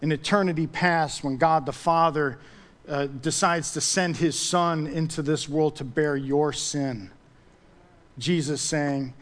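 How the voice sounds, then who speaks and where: A man delivers a sermon with a slightly high voice. He drives his points home by repeating short phrases. In prayer he drops to a soft, low tone. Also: slow pace. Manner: emphatic, repeats key phrases. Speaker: pastor.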